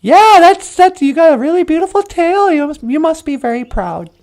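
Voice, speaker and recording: A woman voicing a calm, sensible crow in a told folk tale, friendly and matter-of-fact. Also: extremely high pitch, normal speed, exaggerated voice.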